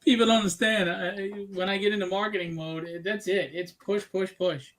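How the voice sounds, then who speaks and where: Male live-stream host, slightly high voice, talkative, casual and upbeat. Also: steady tone, a little fast, fairly bright tone. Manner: chatty and upbeat, self-mocking. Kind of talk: casual chat.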